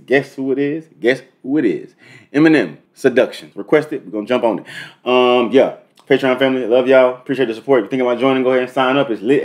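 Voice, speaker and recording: A young man hosting a music reaction video, talking in loose, profane slang and thinking out loud with frequent restarts. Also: mid-range voice. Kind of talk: casual reaction commentary.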